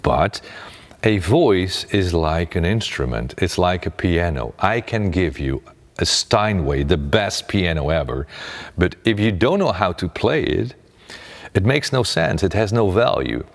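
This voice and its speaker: A middle-aged man with a very low, deep voice, speaking slowly and calmly as he reflects on his life as a meditation teacher. He often restarts his sentences, and a long reverb hangs behind him. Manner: calm, unhurried, with frequent restarts. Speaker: meditation teacher and former radio presenter. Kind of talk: reflective personal talk.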